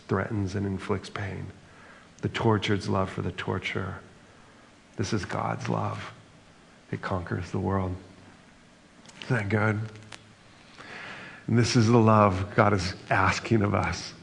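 Gravelly-voiced male pastor preaching. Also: on the low side, flat delivery, a little slow, long pauses. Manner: earnest, reflective preaching with brief humor. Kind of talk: sermon. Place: church sanctuary. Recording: church hall reverb, faint noise.

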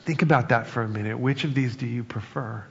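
A man's voice: medium pitch, brisk, creaky, breathy edge. A man delivering a sermon in a conversational way, acting out quoted lines with bursts of humor. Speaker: pastor. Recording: reverberant hall, dull sound.

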